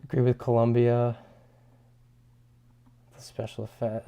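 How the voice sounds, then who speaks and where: A lowish, gravelly male voice with little pitch movement comes through a muffled recording at normal speed. The young man is live streaming, laid-back as he reads viewer comments, often chuckling and beginning sentences again.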